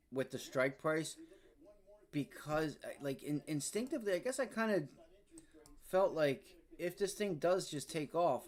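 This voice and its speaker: Male livestream trader, mid pitch, annoyed and muttering, talks straight to his viewers. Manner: frustrated, swearing, muttering to himself. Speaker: day trading livestream host. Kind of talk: live trading stream commentary.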